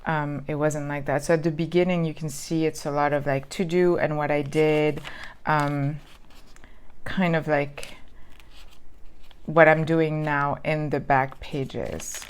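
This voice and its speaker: A woman's voice: deep voice, flat delivery, takes it slowly, clean tone. A woman chatting casually as she flips through old planners, rambling with lots of ums and restarts. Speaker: planner vlogger. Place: lives in Southern California.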